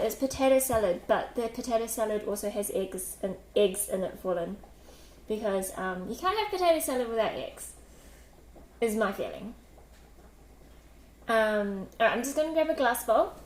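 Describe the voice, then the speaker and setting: A woman's voice: a little high, big pitch swings, moderate pace, a little hiss or hum. A woman hosting a casual cooking livestream, chatty and giggly, full of fillers, reading out chat while she preps food. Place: home kitchen. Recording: echoey kitchen with loud clatter. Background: kitchen clatter, chopping and dishes.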